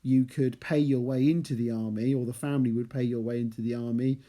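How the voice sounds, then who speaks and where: A man's voice: medium pitch, steady tone, brisk, warm tone. A man giving a chatty literature lesson, reading passages and explaining them with playful asides. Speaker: literature teacher. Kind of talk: chapter analysis lesson with read passages.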